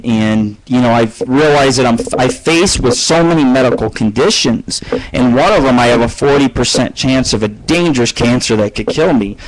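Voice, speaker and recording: Guy rambling on his own radio show, cussing a lot, mid pitch, just telling stories. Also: low-quality recording. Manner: profane, rambling, storytelling. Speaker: internet radio host. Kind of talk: casual rambling monologue.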